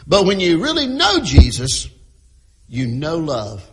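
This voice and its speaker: A man preaching a sermon in a church, emphatic, repeating key phrases and often clearing his throat. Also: on the high side, wildly swooping pitch, slow. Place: church with a sound crew. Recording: long hall reverb.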